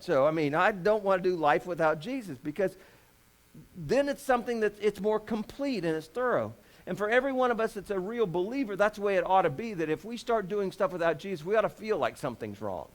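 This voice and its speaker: A man's voice: high-pitched, big pitch swings, fairly quick. A man preaching a conversational sermon as a pastor, folksy and joking, with lots of rhetorical questions.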